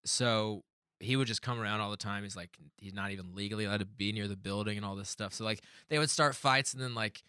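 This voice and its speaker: A man's voice: lowish voice, fast talker, pushed and bright, clean tone, no echo, clean studio sound. A man telling rambling neighborhood stories in casual podcast chat, swearing often and laughing as he talks.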